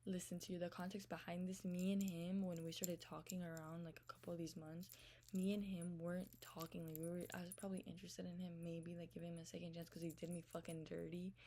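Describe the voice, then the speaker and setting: Young woman, storytime vlogger, casual rant, animated, curses a lot, low mellow voice. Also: fast talker, a little hiss or hum. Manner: animated, swears freely, acts out quoted texts.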